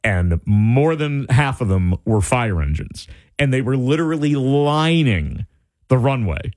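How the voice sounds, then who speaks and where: A man telling a personal story in a casual, animated way, full of "like" and restarts. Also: medium pitch, measured pace, no echo, clean studio sound. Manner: animated, wide-ranging delivery, lots of "like" and restarts.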